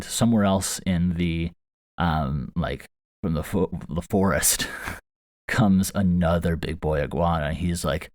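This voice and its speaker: A podcast host with a low, darkish voice casually tells a funny story, rambling and amused, with frequent fillers and restarts. He's captured close on a studio mic inside a small foam-lined box, so the recording sounds very dry and booth-like.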